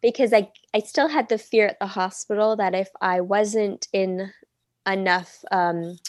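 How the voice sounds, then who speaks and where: A woman in her thirties shares a personal story as a podcast guest. She talks casually, with plenty of "like" fillers, and is recorded close and dry. Her voice sits at a middling pitch for a woman. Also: steady tone, a little slow, no room sound. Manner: chatty, many "like" fillers, acts out quoted speech.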